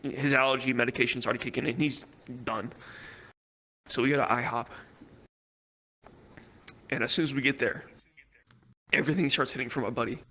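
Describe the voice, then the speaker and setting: A man doing stand-up, telling a rambling, profane story with quick acted quotes in a virtual comedy club. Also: mid-range voice, steady tone, bright, forceful tone, breathy edge.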